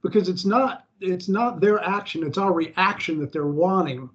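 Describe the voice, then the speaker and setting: An American man chatting casually, rambling with halting restarts. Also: high voice, a bit bright. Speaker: co-host. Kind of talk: casual chat. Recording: dull lo-fi audio.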